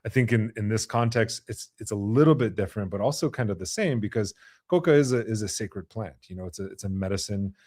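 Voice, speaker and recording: A low-voiced man hosts a podcast conversation, working through his points with lots of "you know" and restarts. His voice is recorded close and dry, with no room sound. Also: animated, darkish tone, no echo. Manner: halting, many fillers and restarts. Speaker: podcast host. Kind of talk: conversational interview.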